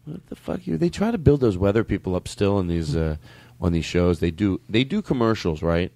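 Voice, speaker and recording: A man hosting a comedy podcast in casual chat, jumping into high mocking voices as he riffs. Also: big pitch swings, fairly quick, vocal fry, warm tone, no echo. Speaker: podcast host.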